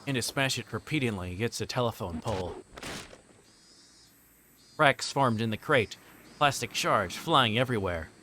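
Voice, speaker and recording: A man's voice: mid-range voice, animated, moderate pace, pauses often, bright, forceful tone, a little hiss or hum. Man reading a visual novel aloud. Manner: plain narration with occasional stumbles and restarts. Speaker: streamer.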